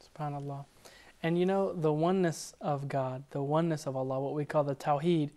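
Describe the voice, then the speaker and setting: A man hosting an interview, softly affirming his guest and asking questions. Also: fairly high pitch, steady tone, fairly quick. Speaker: host.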